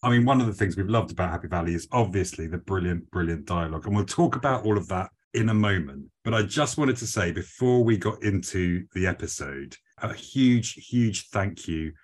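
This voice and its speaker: A man's voice: low voice, expressive, a little fast, hardly any pauses, slightly rough. Enthusiastic male podcast host. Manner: enthusiastic, effusive introductions. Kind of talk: casual podcast chat. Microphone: remote recording setup.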